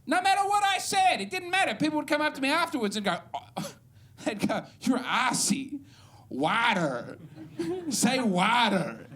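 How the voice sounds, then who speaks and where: A man's voice: very high voice, lively intonation, a little fast, a bit bright. A man from Adelaide with an Australian accent, performing a stand-up comedy set on a club stage, wry and self-deprecating with bursts of mock outrage.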